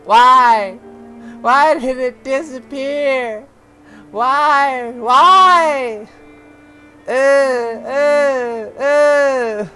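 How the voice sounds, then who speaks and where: A man voicing a strange, stubborn little girl who whimpers "uu, uu" between halting words. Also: very high voice, bright, forceful tone, soft background music, voice pushed up, full character voice. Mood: wailing. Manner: repeats a whiny "uu, uu" sound; very slow, halting delivery. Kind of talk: reading a visual novel aloud.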